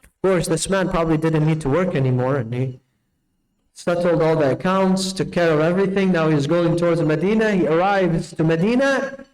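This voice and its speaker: A man's voice: moderate pace, rough recording. A man telling a story in a night sermon, acting out the dialogue with sweeping changes in his voice. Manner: animated storyteller, acts out dialogue with big pitch swings. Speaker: preacher.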